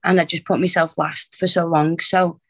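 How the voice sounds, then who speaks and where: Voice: medium pitch, little pitch movement, normal speed, vocal fry, fairly bright tone, no echo. A professional wrestler in their twenties, a guest chatting openly and with a self-mocking streak in a casual interview. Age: 20s. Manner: open, chatty, self-deprecating.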